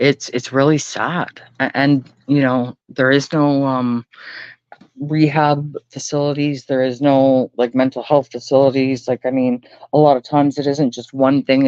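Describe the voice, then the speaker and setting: A man's voice: mid-range voice, darkish tone, dry recording. Man, livestream host, earnest and rambling, swears a lot, dull lo-fi sound, dry room. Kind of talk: casual late-night livestream talk.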